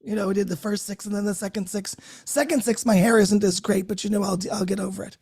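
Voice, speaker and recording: A woman's voice: mid-range voice, quick pace, mellow, slightly rough. Chatty, laughing woman hosting a group call. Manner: chatty and effusive, laughs often, restarts words. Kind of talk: casual unscripted chat to a live group. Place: her own home, great room by a Christmas tree.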